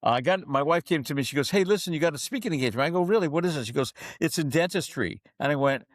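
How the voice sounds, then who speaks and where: Animated storytelling man, higher voice. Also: very fast, no room sound, studio quality. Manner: animated storyteller, acts out dialogue. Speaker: guest, keynote speaker. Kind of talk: storytelling in a podcast interview.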